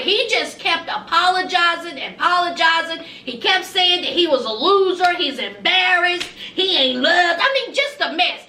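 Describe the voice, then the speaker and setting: A woman's voice: extremely high pitch, sing-song, measured pace, hardly any pauses, bright, forceful tone, echoey room, far from the mic. A woman vlogger giving a sassy, gossipy recap of a reality show, talking straight to her viewers.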